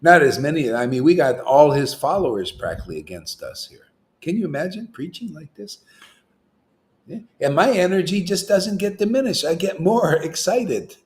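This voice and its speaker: Animated man giving a casual sermon. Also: a little high, moderate pace. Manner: animated, acts out quoted voices; chuckles often, casual slang. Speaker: spiritual teacher. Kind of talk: informal devotional sermon.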